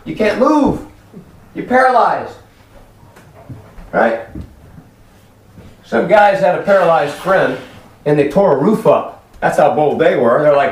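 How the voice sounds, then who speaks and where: A man preaching a lively sermon in a church hall, acting out voices as he tells stories. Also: on the high side, slow pace, pauses often. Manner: animated, acts out voices in stories. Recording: echoey hall, from far off, faint noise.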